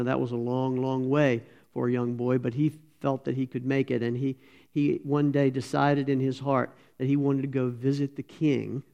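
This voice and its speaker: A pastor tells a sermon story, folksy and animated, voicing each character himself. His voice is gravelly and dark, with a mellow edge. The recording is a little dull and lo-fi. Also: mid-range voice. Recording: slightly dull lo-fi sound.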